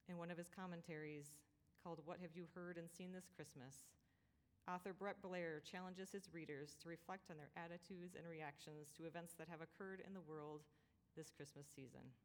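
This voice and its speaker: A woman pastor giving a sermon, telling a personal story in a gentle, reflective way. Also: fairly low pitch, steady tone, moderate pace. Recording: long reverb of a large hall.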